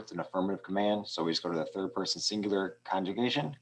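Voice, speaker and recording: Low-voiced male teacher, relaxed walkthrough. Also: quick pace, slight background noise. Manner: relaxed, many ums, explains step by step. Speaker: Spanish teacher. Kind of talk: screen walkthrough lesson.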